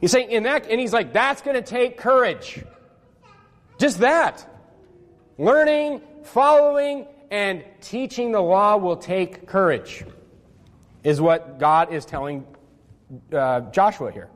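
Male pastor with a high voice, reading verses and then explaining them with casual filler words and rising emphasis; long room reverb. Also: animated, slow. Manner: conversational, full of "I mean" and "you know", climbing to emphatic peaks. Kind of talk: sermon with scripture reading.

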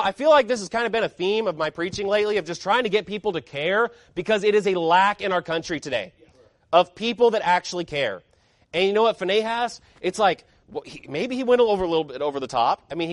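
A man preaches with a high, ringing voice, pressing hard with rhetorical questions and emphatic outbursts. The sound is dry and close, with no room echo. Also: lively intonation, quick pace. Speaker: pastor. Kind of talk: sermon.

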